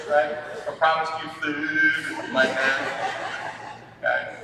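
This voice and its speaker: A man, a family therapist, giving a sermon-style talk to a church audience, with halting speech and repeated words. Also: on the high side, flat delivery, over a noisy crowd. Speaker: marriage and family therapist speaking at a church event. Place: church hall. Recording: echoey hall from far off.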